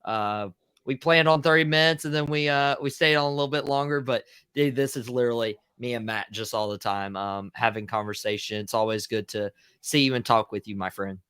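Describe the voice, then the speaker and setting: Man, podcast host, bright clear voice, dry close sound. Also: mid-range voice, fairly quick, no echo. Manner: casual, excitable, says "dude" a lot. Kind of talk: casual wrestling podcast chat.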